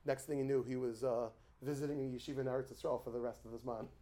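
A man teaching a lively Torah class, an animated storyteller who chuckles and drops asides. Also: medium pitch, quick pace.

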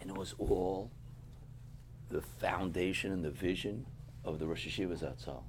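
A middle-aged man speaking as a rabbi, giving a sermon to yeshiva students, clearing his throat often, repeating for emphasis, and sounding tired. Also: low voice, normal speed, a little hiss or hum.

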